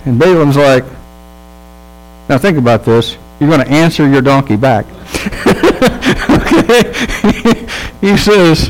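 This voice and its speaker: A pastor giving a sermon in a relaxed, humorous storytelling manner, checking in with his listeners and acting out the people in the story. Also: mid-range voice, unhurried, long pauses, poor audio. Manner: casual, humorous storytelling with quoted voices; conversational, checks in with the audience.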